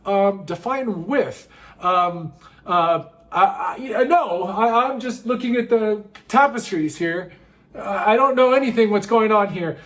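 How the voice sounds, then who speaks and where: A man in his thirties with a notably high voice spins a rambling, self-mocking tale from his own past. He keeps it wry and loose, full of asides and fillers. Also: measured pace, a bit bright. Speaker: storyteller. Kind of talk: comic personal storytime.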